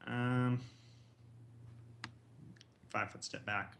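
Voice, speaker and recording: A man's voice: mid-range voice, steady tone, extremely slow, gravelly, fairly bright tone, a little hiss or hum. A man playing a tabletop game, hesitant and full of ums. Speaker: player. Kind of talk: casual game talk.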